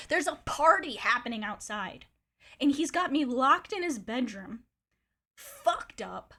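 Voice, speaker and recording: A young woman streamer telling a long personal story in a casual, animated way, acting out quotes and swearing freely. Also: high-pitched, takes it slowly.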